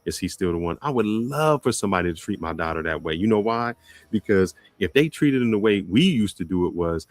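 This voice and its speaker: A man hosting a podcast, laying out his argument in a measured, steady way. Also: fairly low pitch, dry recording. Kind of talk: casual debate.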